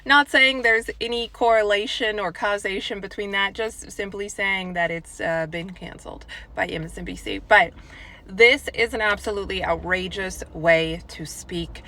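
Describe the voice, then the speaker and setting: A woman's voice: medium pitch, moderate pace, bright, forceful tone, slight background noise. A woman giving an emphatic opinion commentary monologue, full of rhetorical questions. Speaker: political commentator.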